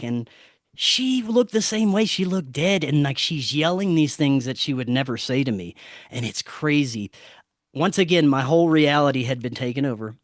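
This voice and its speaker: Male podcast guest, mid-pitched, casual and animated storyteller, swears freely, dry sound. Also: no echo.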